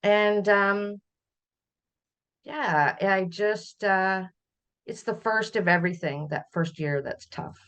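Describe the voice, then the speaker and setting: A woman's voice: mid-range voice, takes it slowly, clear, resonant tone, highs cut off. Woman recalling her father, fond storytelling. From Canada. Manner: warm storytelling, laughs while recalling. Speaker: podcast guest. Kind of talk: conversational interview.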